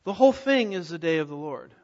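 High-pitched guy preaching a sermon, muffled sound, long echo like a big church. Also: animated, fast talker, darkish tone. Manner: emphatic, repeats key words, rhetorical questions. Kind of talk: expository sermon. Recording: dull audio with long hall reverb.

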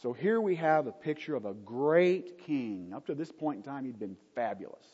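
A man leads a Bible teaching with a mellow, husky voice. His pitch rises and falls in lively swings as he stresses points and puts rhetorical questions to his listeners. The recording is dull and lo-fi, with a long echo from a hall. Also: moderate pace.

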